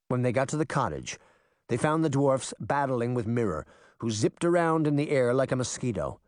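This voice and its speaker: A man narrating a storybook chapter in a lively, expressive reading. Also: medium pitch, normal speed, no echo, clean studio sound. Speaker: audiobook narrator. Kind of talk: scripted narration.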